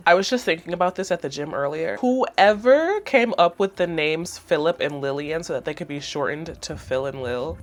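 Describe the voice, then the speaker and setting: A woman in her twenties chatting casually as she recaps a cartoon, laughing often and saying "like" a lot. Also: low-pitched. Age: 20s. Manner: chatty, laughing, heavy use of "like". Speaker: host.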